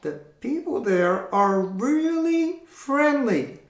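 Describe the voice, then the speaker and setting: A man's voice: extremely high pitch, sing-song, slow, echoey room, voice pushed up, full character voice. A man voicing a cheerful little male puppet friend who asks eager, chirpy questions.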